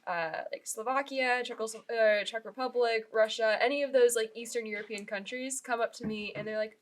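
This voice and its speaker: A woman's voice: on the high side, brisk, hardly any pauses. A woman in her twenties co-hosting a podcast, telling a story and acting out what other people said. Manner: storytelling, quotes others in animated voices. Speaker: podcast co-host. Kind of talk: casual podcast chat.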